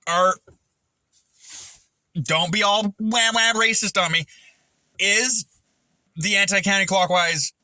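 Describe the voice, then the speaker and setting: Crude ranting man, bright dry voice. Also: fairly high pitch, no echo. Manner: crude, ranting, swears constantly, jumps between tangents. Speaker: machinist vlogger. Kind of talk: profane rambling monologue.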